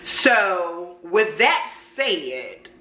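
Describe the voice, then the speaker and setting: An animated woman vlogger chats to her viewers as she tells a long story, her voice bright and forward. The room around her camera microphone rings with a clear echo. She talks to them like she is catching up with friends. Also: fairly low pitch, very slow. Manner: animated, chatty, addresses viewers as y'all. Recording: roomy echo.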